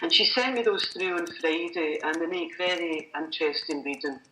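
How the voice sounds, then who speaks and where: A woman's voice: lowish voice, normal speed, sharp tone, a little hiss or hum. A woman, a guest, talking in a chatty, casual way with many fillers. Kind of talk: casual talk. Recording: echoey room.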